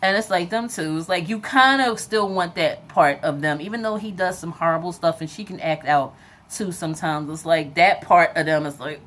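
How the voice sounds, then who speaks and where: A woman giving a casual, animated recap of a TV episode, full of "like" and "whatever" and bursts of acted-out lines. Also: lowish voice, normal speed, a little hiss or hum. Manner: chatty and animated, acts out characters' lines; frequent fillers like "like" and "whatever". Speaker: TV episode reviewer.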